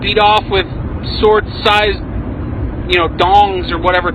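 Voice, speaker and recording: A man's voice: high-pitched, little pitch movement, a little slow, background noise. A man cutting a crude, rambling, mocking wrestling promo full of profane trash-talk, recorded while driving. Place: inside a moving car.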